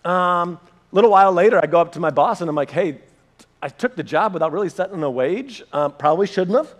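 High-voiced man telling a sermon story. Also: fast. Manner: animated storytelling, acting out dialogue. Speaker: pastor.

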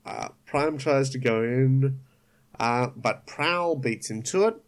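A man's voice: mid-range voice, slow. A man casually recapping a cartoon plot on a podcast with friends, with frequent hesitations. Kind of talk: casual chat.

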